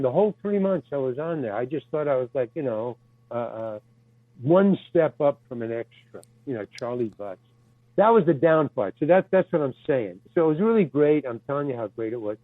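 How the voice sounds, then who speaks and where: An older man, appearing as a guest actor, tells rambling anecdotes full of stammering restarts and casual swearing. His voice is on the high side and sing-song at normal speed, and the dry recording sounds tinny, like a phone line.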